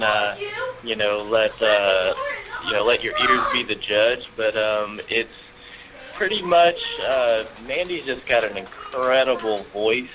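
A man who is a musician guest, talking about his band in a relaxed, rambling way with many fillers. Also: mid-range voice. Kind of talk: casual interview chat. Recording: call audio with crowd noise behind.

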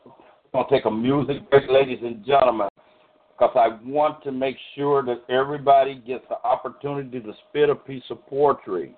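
A man's voice: medium pitch, fairly even intonation, moderate pace. Emphatic male show host on a phone line. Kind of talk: radio show hosting.

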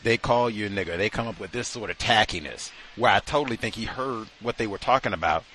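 A man's voice: fairly low pitch, quick pace, bright, forceful tone, a little hiss or hum. A man hosting a radio talk show, giving emphatic commentary and now and then acting out the voices of people he quotes. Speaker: radio host.

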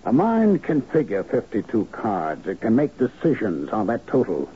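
An actor in a 1970s radio drama playing a curt, shrewd manager who explains a cover-up. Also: male voice, lowish voice, huge pitch swings, moderate pace. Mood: explaining. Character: shrewd, weary male manager covering up killings. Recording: dull old radio broadcast with faint hiss.

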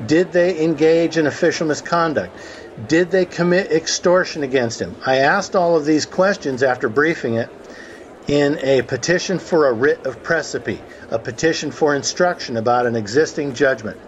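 A man's voice: a little high, normal speed, highs cut off, a little hiss or hum. A man hosting a conference call, telling a courtroom story in a conversational way and acting out the quotes. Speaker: host of a call about the law.

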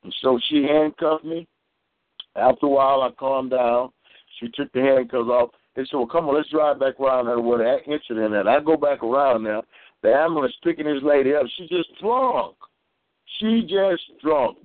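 A man's voice: mid-range voice, no echo. A man preaching over a phone call, telling a story and restarting his words often. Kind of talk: preaching testimony. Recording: tinny phone line, dry.

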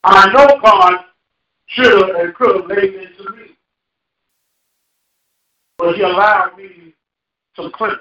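A male pastor preaching a sermon with call-and-response, laughing at times and rising into shouts. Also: high voice, slow, pauses often. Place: church sanctuary. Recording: echoey church hall, lo-fi. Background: congregation responding.

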